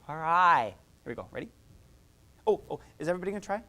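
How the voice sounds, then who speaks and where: Speaking at a quick pace with lively intonation, a woman with a fairly low, sharp voice teaches a group as a music therapist. She is chatty and encouraging, laughs a lot, and demonstrates vocal sounds in her workshop.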